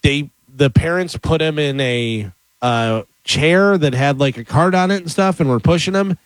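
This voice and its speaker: A man's voice: a little high, normal speed, no echo. A middle-aged man telling stories in a casual chat with friends, acting out other people's voices as he goes. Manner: animated storyteller who acts out other people's voices.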